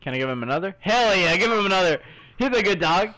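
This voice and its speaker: An excitable man commenting on a game he is playing, his voice high and swinging wildly between calm murmurs and yelps. He exclaims, swears freely and calls everyone "bro". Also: quick pace. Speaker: gaming streamer. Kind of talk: let's play commentary.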